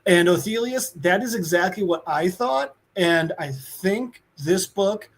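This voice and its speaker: High-voiced man rambling through a recap. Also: animated, measured pace. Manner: rambling, profane, filler-heavy, acts out quotes. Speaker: podcast co-host. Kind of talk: casual comic book recap.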